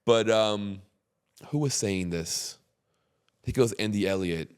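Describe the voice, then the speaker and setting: A man hosting a casual podcast conversation, talking emphatically and getting animated when he makes a point. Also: on the low side, unhurried, clean tone. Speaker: podcast host.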